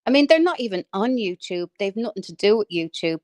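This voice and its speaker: A woman chatting on a livestream in an animated, outspoken way, swearing freely and breaking into laughter as she rants. Her voice sits at an ordinary pitch for a woman. The sound is dry and close, with no room echo. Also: fairly quick. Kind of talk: casual chat on a livestream.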